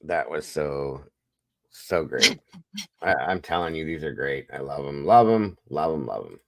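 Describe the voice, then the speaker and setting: A man's voice: rumbling low, lively intonation, a little slow, gravelly, fairly bright tone, no room sound. A man hosting a morning show, chatting casually with the audience in a rambling way with lots of fillers. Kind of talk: casual livestream chat.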